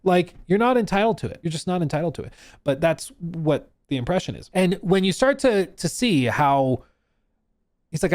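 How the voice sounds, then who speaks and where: A man's voice: high voice, lively intonation, normal speed, darkish tone. A man streaming live, ranting through reaction commentary with emphatic repetition. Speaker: streamer and host.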